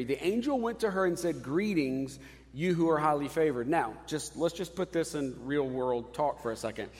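Man preaching in an echoing hall. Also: on the high side. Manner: conversational, animated with asides. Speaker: pastor. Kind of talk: sermon.

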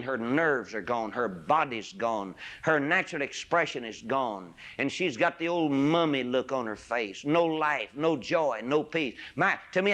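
An older man preaching a sermon, swinging from loud, impassioned peaks to hushed asides. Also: a little high.

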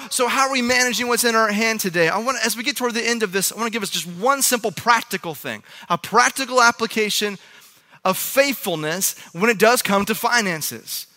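A man with a high, very bright and forceful voice, preaching in a loose, conversational way and often tossing quick asides to his listeners. His sermon rings out with a long reverb, as in a large church hall. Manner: conversational, frequent "right?" asides to the audience. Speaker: pastor.

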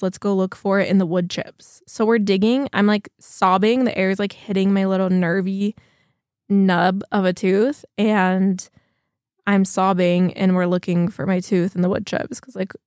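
A chatty woman talks casually to her viewers, rambling through her stories with plenty of "like" fillers. Her voice is mid-pitched and sounds close and dry, with no room around it. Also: darkish tone, no room sound. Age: 30s. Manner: chatty, rambling, heavy use of "like". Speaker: vlogger.

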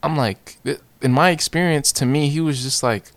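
A young man telling a personal story in a casual, slangy, animated way, repeating phrases. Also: on the high side, normal speed, dry recording.

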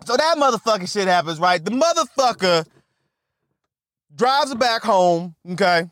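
A man retelling a film plot in casual, profane, animated talk, often stammering and repeating himself. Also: high voice, moderate pace, no room sound, clean studio sound. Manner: animated, repetitive, swears constantly, stammers on restarts. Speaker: movie recap vlogger.

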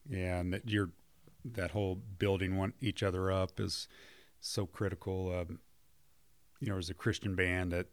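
A man with a very low, gravelly voice, speaking as a marriage counselor in an earnest, affirming way. The sound is close and dry, with no room echo. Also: fairly even intonation, normal speed. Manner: earnest, affirming, many back-channel hums. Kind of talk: conversational podcast discussion.

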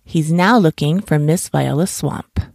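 A woman reading a children's bedtime story aloud for her podcast in a calm, even way. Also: deep voice, measured pace, creaky, dry recording, clean studio sound.

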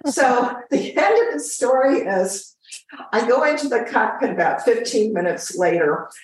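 An older woman, a former flight attendant, telling a story as an interview guest in a chatty, animated way. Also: mid-range voice, distant mic. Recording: very echoey room.

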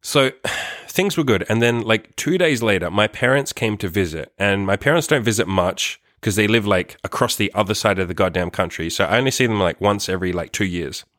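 A man's voice: fairly low pitch, lively intonation, brisk, fairly bright tone, dry recording, studio quality. A young man telling a long personal story in a casual, rambling way, swearing often and saying "like" constantly, into a microphone. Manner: rambling, profane, heavy use of "like".

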